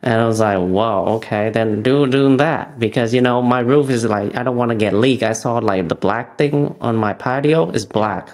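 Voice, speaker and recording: A man's voice: mid-range voice, normal speed, few pauses, a little mellow. Man, broken simple phrasing, podcast host, casual chat. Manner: simple, broken English with frequent yeahs.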